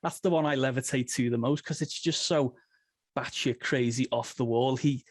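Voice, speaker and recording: A man's voice: mid-range voice, moderate pace, no echo. Hesitant man hosting, dry sound. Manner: hesitant, stammering restarts. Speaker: podcast host. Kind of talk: casual interview chat.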